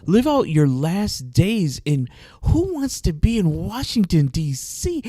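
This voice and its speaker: A man's voice: high-pitched, big pitch swings, takes it slowly, few pauses, warm tone, no room sound, studio quality. A man hosting a podcast, chatting casually with gossipy, dramatic flair. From Mexico. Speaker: podcast host. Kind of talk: casual chat.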